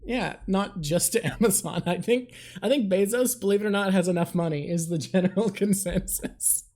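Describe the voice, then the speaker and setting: A woman hosting a live stream in casual chat, excitable, swearing, and talking in rushed bursts while thanking viewers. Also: mid-range voice. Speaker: livestream host.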